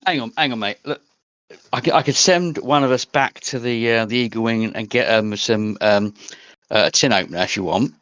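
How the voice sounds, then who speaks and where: A man's voice: medium pitch, normal speed, fairly bright tone, smooth, no echo, highs cut off. Cheeky man joking at the game table. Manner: cheeky, teasing. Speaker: player. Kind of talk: joking in-character banter.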